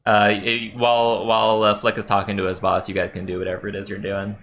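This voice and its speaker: Man, game master, tabletop narration, bright voice, easygoing, faint hum. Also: lowish voice, fast talker. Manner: relaxed, chuckling, with many fillers.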